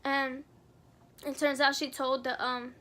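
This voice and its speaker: High, flat-voiced young woman telling a story. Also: slow. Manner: earnest, somber retelling with many fillers. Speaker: vlogger. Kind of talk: storytime narration.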